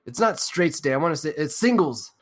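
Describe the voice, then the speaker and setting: Male podcast host, slightly high voice, rambling, profane, filler-heavy casual chat. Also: sing-song, a little fast.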